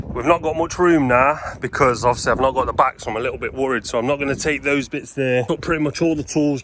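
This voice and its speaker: A man's voice: mid-range voice, a bit bright. Chatty tradesman outdoors in wind. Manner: chatty, matter-of-fact, talks to viewers while working. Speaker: fencing tradesman vlogger. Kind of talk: casual vlog commentary. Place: outdoors at work sites and a yard, windy.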